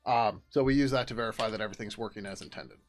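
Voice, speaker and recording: A man's voice: on the low side, rapid-fire, soft background music. A middle-aged man hosting a casual coding livestream, rambling and swearing now and then as he works at his desk. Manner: rambling, casual, swears, hums to himself while working. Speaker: livestream host and software developer.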